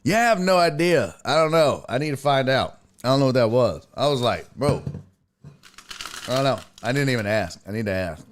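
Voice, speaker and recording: A man's voice: medium pitch, normal speed. A man hosting a casual sports talk livestream, ranting and telling stories with lots of cursing and answering viewer chat. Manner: animated, profane storytelling rants. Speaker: sports talk show host.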